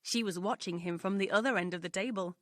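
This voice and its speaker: A woman's voice: medium pitch, fast, no echo. Woman narrating a storybook, dry studio. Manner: expressive, clear reading aloud.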